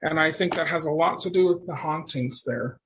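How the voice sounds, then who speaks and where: A man as a podcast guest, telling stories in a rambling, animated way and often restarting his sentences. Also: a little high, brisk, slight background noise. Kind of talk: casual storytelling conversation.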